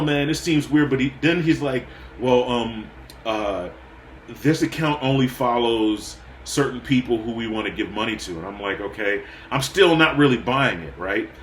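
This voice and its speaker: A man's voice: mid-range voice, a bit bright. A man vlogging to camera, venting angrily and swearing as he tells his story in rambling bursts with many restarts. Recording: echoey room with faint ambient noise.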